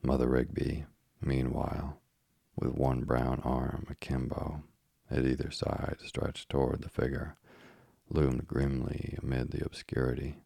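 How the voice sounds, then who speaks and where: Deep gravelly male narrator. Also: little pitch movement, measured pace, mellow, no room sound, clean studio sound. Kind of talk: audiobook reading of a classic tale.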